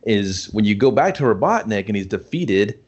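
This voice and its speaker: A man's voice: lowish voice, sing-song, moderate pace, husky, highs cut off. A man in casual chat reviewing a movie, rambling and profane, acting out scenes. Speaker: podcast co-host reviewing a movie.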